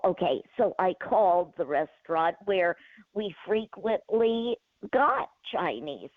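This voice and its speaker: A woman's voice: fairly low pitch, lively intonation, measured pace, dry recording. An older woman with a youthful, childlike voice, telling a story over the phone in a casual chat. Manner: storytelling, acting out both sides of the talk. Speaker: show regular, host's mother. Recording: tinny phone line.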